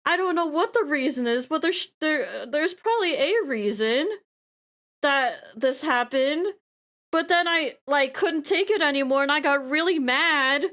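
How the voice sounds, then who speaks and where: A woman streamer chatting casually with a high voice. She giggles through her sentences and trips over repeated words as she talks. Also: measured pace, a bit bright. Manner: stumbling restarts and repeated words. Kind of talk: casual storytelling chat.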